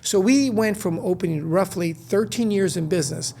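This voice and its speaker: A man telling stories as an interview guest, lively and acting out the dialogue he recalls. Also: sits high, moderate pace, creaky, slight background noise. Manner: lively, acts out quoted dialogue. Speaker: guest, restaurant co-founder. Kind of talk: animated storytelling in conversation.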